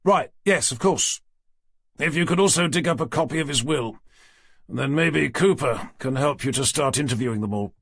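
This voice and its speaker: In an audiobook, a man voices a gruff, weary, middle-aged detective inspector who is sardonic, dry, and commanding. He pitches the character above his own natural voice, landing in a mid-range that's creaky and husky, at normal speed in a dry recording.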